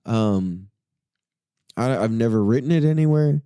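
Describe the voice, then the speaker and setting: A podcast host tells a story in a casual, profane, animated way, his pitch jumping up whenever he quotes his own thoughts. His voice is a little slow, clear and resonant, recorded with clean studio sound and no echo.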